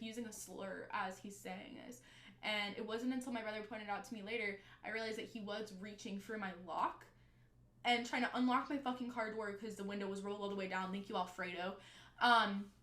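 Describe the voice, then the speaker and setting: Bright-voiced young woman in an echoey room. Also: mid-range voice, fairly quick. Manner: animated, swearing, quotes people in her own voice. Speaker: streamer telling a story. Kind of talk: casual storytime monologue.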